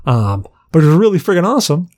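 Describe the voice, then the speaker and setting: A man's voice: fairly high pitch, very animated, fast talker, a little mellow. A man co-hosting a podcast, telling a long, rambling story in casual chat with plenty of swearing. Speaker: podcast co-host.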